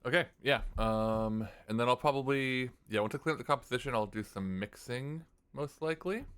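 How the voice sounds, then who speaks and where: A man streaming while he composes, thinking aloud in a relaxed way and now and then scatting a melody. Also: medium pitch, a little fast, clean tone. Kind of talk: casual livestream talk. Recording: faint music under voice.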